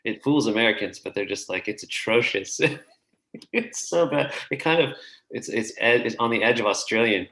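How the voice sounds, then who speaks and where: A man's voice: medium pitch, lively intonation, normal speed, gravelly, bright, forceful tone, rough recording. A man hosting the show, enthusiastically praising and joking with his guest. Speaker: host. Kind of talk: casual commentary.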